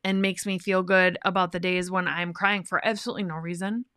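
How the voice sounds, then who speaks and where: A woman's voice: fairly low pitch, a little fast, smooth, no echo. Wordy woman co-hosting a marriage podcast, dry sound. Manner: wordy, emotional, animated when she acts out friends. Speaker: podcast co-host. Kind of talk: casual faith-based marriage talk.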